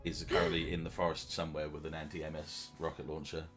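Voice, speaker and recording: A man running a tabletop game as game master, muttering quick casual asides. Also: extremely low pitch, completely flat delivery, a bit bright, faint music behind.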